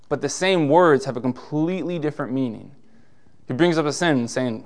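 Speaking at a medium pitch with a slightly mellow quality, a male pastor preaches in an easygoing, talkative manner. He leans on rhetorical questions and fast asides.

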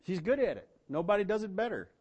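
A man preaching a sermon, telling folksy stories and swinging from quiet asides to loud, emphatic bursts. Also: high-pitched, sing-song, fast talker, muffled recording.

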